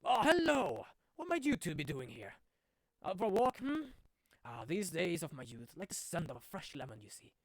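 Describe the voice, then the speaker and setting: A pompous old lawyer from a video game, put on by a man, drawling and reminiscing with theatrical airs. His pitch swoops up and down and the sound is dry and close. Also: huge pitch swings, no room sound, heavily acted. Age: older. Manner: pompous, nostalgic, slow drawl. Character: pompous older male lawyer, wistful and rambling.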